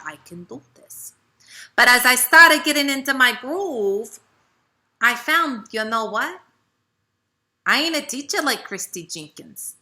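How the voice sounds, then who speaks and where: A woman from the American South with a Southern accent, giving a chatty, animated motivational talk to her team as a leader. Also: a little high. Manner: chatty, animated, with frequent "right?" and "okay". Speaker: network marketing team leader.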